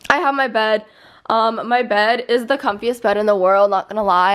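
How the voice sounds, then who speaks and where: A woman's voice: medium pitch, fairly even intonation, normal speed, fairly bright tone. A young woman vlogger rambling casually through a tour of her bedroom, filling her talk with "like" and "I guess". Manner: chatty, rambling, heavy use of "like". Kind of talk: casual room tour vlog. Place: bedroom, indoors.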